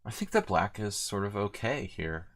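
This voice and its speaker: A man's voice: lowish voice, animated, moderate pace, fairly bright tone. A man streaming his own blitz chess games, thinking aloud in loose, rambling commentary full of "like". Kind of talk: live commentary while playing blitz chess.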